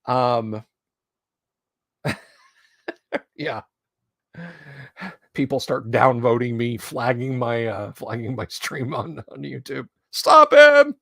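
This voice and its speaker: A man's voice: medium pitch, fairly even intonation, slow, creaky, pauses often, dry recording. A middle-aged man streaming, chatting casually and telling rambling anecdotes close to his mic. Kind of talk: casual chat.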